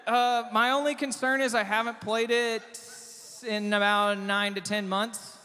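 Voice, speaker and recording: A man performing live, chatting between songs in a rambling, halting way, stumbling over restarts. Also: high-pitched, little pitch movement, sharp tone, smooth. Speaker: singer-songwriter performing live. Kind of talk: between-song stage banter. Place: small bar stage. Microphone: stage vocal mic. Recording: live bar recording with long reverb and band music. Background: guitar and band music.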